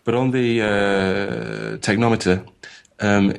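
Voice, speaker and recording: Man, very low voice, rambling podcast chat, self-mocking, lots of fillers. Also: steady tone, takes it slowly, clean tone. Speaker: podcast co-host.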